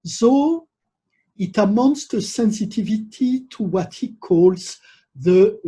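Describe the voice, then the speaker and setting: A man lecturing on theology at a university, speaking in a measured, professorial way with pauses between phrases. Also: sits high, lively intonation, dark tone, slightly rough.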